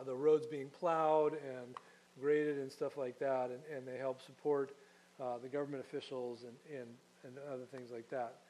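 Male pastor, slightly high voice, chatty teaching sermon to a church crowd. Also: darkish tone, rough recording. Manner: conversational teaching, asks the congregation questions.

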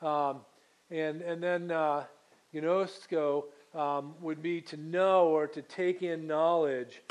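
Man preaching with halting restarts. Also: a little high, a little mellow. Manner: teaching with many fillers and restarts. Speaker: pastor. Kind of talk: sermon with scripture reading.

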